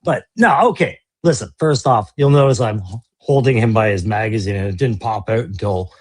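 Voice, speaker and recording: A man co-hosting a toy show, arguing mock courtroom cases in an animated, laughing way with theatrical outbursts. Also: on the low side, normal speed. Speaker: co-host. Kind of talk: playful mock courtroom banter.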